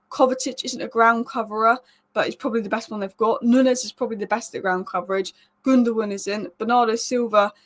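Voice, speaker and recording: Woman, young, football channel host, opinionated, emphatic, casual, slightly high pitch.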